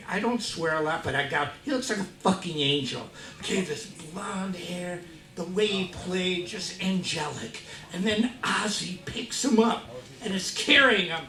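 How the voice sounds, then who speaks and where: A middle-aged guitarist telling a story from a concert stage, excitable, laughing and shouting out his punchlines. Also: sits high. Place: live concert venue. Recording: echoey concert hall, mic far off.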